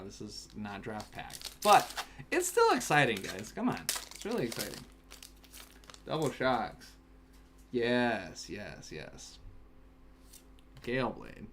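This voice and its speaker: A man casually chatting on a home stream while opening card packs, breaking into excited shouts over good pulls. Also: lowish voice, a little hiss or hum. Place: home, in Alaska. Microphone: webcam setup.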